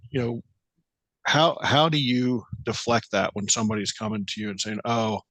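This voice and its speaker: A man's voice: lowish voice, normal speed, fairly bright tone, no echo. A man hosting a podcast interview, talking casually and circling through his questions with lots of filler words. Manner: rambling, many fillers like "you know". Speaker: podcast host.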